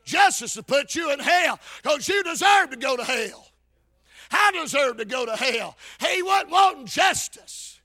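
A man preaching a shouted revival sermon with a chanted cadence, folksy rural speech and frequent calls of "Amen". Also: extremely high pitch, lively intonation, normal speed.

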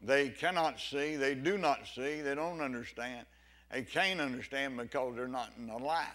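A man's voice: mid-range voice, normal speed. A man preaching an evening sermon with fervor, repeating phrases and calling out amen and hallelujah. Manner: fervent, builds to loud exclamations.

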